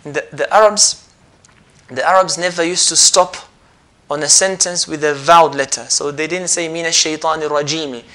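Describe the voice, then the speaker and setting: A man with a bright, ringing voice that sits a little high for a man. He teaches recitation step by step, explaining patiently and then stretching each sound out slowly in repeated demonstrations. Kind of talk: step-by-step pronunciation lesson.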